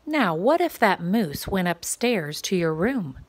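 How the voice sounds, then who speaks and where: Gentle, sing-song woman reading a picture book. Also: mid-range voice, very animated. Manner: gentle, slow, sing-song questioning delivery. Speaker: children's story reader. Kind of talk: picture book read-aloud for preschoolers.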